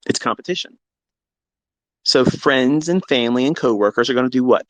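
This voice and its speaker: A man's voice: medium pitch, no room sound, low-quality recording. Blunt, swearing man telling a story. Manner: blunt and profane, animated retelling. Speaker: trading educator. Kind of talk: candid personal storytelling.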